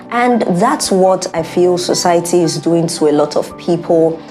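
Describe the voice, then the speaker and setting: A woman's voice: on the low side, animated, a little slow, hardly any pauses, dark tone, soft background music. A young woman speaking in an earnest, heartfelt personal monologue, repeating her points for emphasis. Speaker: vlogger.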